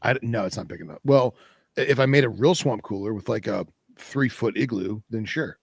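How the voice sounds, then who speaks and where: A man's voice: lowish voice, fairly quick, gravelly, husky, no room sound. A man hosting a podcast, talking in a casual, rambling way full of fillers. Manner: rambling, filler-heavy, laid-back. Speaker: podcast host. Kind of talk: casual chat.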